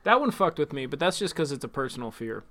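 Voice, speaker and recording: A man's voice: on the high side, big pitch swings, fast talker, fairly bright tone. A man co-hosting a podcast, chatting bluntly and casually. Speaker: podcast co-host. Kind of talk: casual chat.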